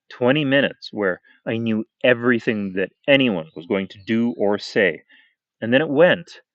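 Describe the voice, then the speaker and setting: A man reading a first-person short story aloud in a measured way, with natural pauses. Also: on the low side, dry recording. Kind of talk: unedited audiobook reading. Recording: dull, dry.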